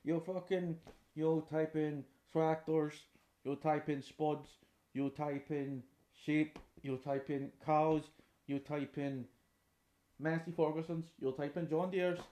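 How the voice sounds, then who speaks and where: A man's voice: a little high, level tone, slow pace, dark tone, voice pushed up. A man voicing an old rural Irish farmer with a Northern Irish accent, rambling, crude and bewildered by the internet. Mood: bemused. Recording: roomy echoing room.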